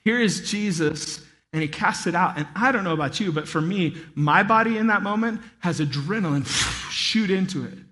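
A man giving a sermon as a pastor, telling stories in a lively way and acting out voices. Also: high-pitched, normal speed, big-room sound. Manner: animated storytelling, acts out voices. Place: church hall.

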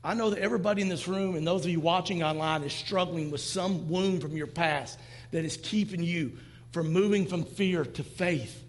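A man's voice: high voice, moderate pace, big-room sound. A man in his fifties preaching a sermon to a church congregation, talking in a conversational way and acting out quoted lines. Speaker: pastor. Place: church sanctuary.

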